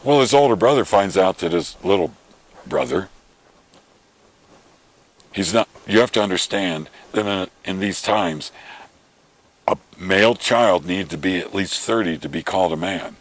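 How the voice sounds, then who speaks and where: Low-voiced man preaching a story. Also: a little slow, long pauses. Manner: animated retelling, acts out quoted voices. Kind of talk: storytelling sermon.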